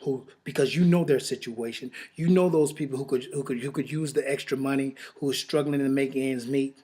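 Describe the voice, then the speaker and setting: A man giving an emotional, halting testimonial and sales pitch, repeating his phrases and pausing to sigh, as if recorded on a home camera. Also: fairly even intonation, dark tone. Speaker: network marketing presenter.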